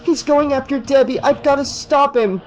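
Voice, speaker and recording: Man playing a scared teen girl: very high, pleading, urgent. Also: steady tone, normal speed, faint music behind. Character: frightened teenage girl, desperate.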